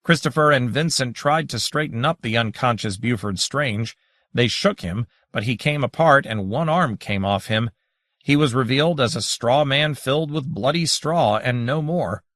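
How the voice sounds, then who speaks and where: A man reading an audiobook aloud in measured, dramatic scripted narration. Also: mid-range voice, fairly bright tone, no echo, clean studio sound.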